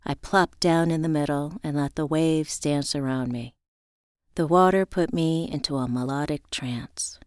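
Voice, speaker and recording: A woman narrating a first-person story in a reflective, measured way. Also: deep voice, steady tone, darkish tone, clean tone, no room sound, clean studio sound.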